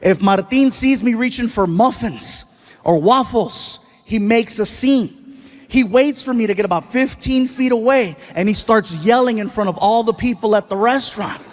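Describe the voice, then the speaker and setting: A man telling stand-up stories in an animated way, acting out the people in them, on stage at a live show. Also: high-pitched, moderate pace, in a large hall. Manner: animated, acts out voices, jokes at his own expense. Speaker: stand-up comedian. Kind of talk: stand-up storytelling.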